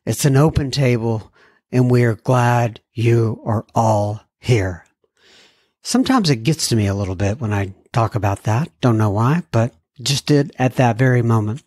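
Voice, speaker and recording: A man's voice: medium pitch, animated, a little fast, few pauses, a little mellow, no echo, clean studio sound. A man hosting a recovery podcast in a casual, chatty, self-deprecating way, often laughing as he talks. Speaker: podcast host.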